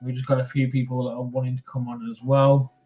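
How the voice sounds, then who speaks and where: A man's voice: mid-range voice, monotone, fast, mellow. A man hosting a live podcast, chatting casually while bringing guests on, with faint music behind. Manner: chatty, loose, organizing guests. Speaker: podcast host. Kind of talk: casual live-stream chat.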